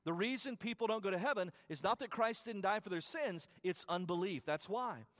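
A man's voice: high voice, expressive, brisk, a bit bright. A man preaching a sermon as pastor, emphatic and repetitive at the peaks, chatty with stumbles in the asides. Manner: emphatic preaching with repeated phrases and rising calls; conversational asides with stumbles and restarts.

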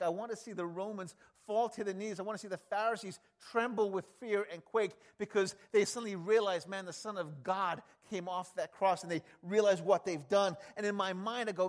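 Male preacher, higher pitch, emphatic conversational sermon delivery. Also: brisk, few pauses. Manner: emphatic, conversational, swings from loud to hushed.

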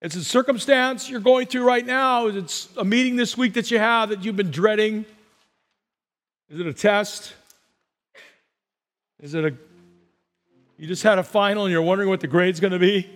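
A man preaching a sermon as pastor, telling stories and acting out voices, swinging between soft and loud. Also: sits high, normal speed, faint music behind. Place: church sanctuary. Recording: long reverb of a large hall.

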